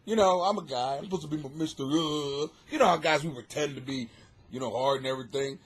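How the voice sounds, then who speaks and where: A man hosting his own comedy podcast, rambling in a profane, animated monologue and laughing at his own jokes, with a husky voice. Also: fairly high pitch, fast. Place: home basement.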